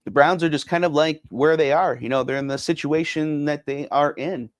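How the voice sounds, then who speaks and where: Middle-aged guy on his podcast, kinda high voice, lots of uh and you know, dead dry sound. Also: normal speed, no echo. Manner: rambling, repeats himself, many fillers. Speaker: podcast host. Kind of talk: casual solo sports talk reading viewer comments.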